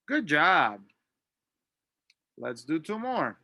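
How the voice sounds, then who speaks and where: A man's voice: on the high side, animated, slow pace, fairly bright tone, no room sound, studio quality. A man teaching an English lesson, patiently drilling words and asking listeners to repeat after him.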